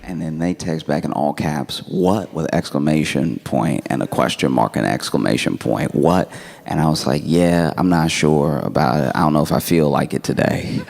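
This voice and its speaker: A man doing stand-up comedy, telling a story in a conversational, animated way with laughing asides. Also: a bass voice, moderate pace, gravelly, few pauses, a little hiss or hum.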